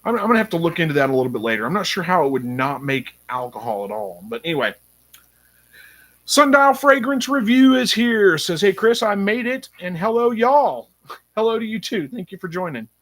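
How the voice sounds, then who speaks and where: A man hosting a casual live stream, reading viewer comments aloud and thinking out loud with frequent ums. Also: fairly high pitch, sing-song, brisk. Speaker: livestream host reading chat.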